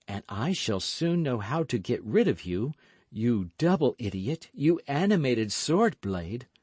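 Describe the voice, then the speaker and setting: A man's voice: mid-range voice, sing-song, unhurried, darkish tone, slightly rough, dry recording, pitched above the performer's own voice. A man reading an audiobook, voicing a vindictive, scheming noblewoman in a coaxing, calculating manner.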